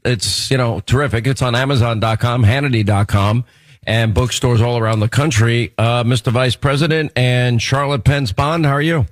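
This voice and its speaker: A middle-aged man with a New York accent hosts a talk radio show, speaking in a loose, chatty, rambling way. His voice sits at an ordinary pitch. The sound is close and dry, with no room around it. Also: fairly even intonation, normal speed, no echo. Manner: chatty, rambling, restarts sentences. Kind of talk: radio interview.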